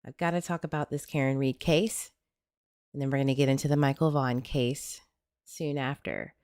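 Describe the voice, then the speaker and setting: A woman's voice: a bass voice, fairly even intonation, moderate pace, a little mellow, clean tone, no room sound, studio quality. A woman with a Southern US accent hosting a casual livestream, chatty and jokey as she greets viewers by name. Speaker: livestream host.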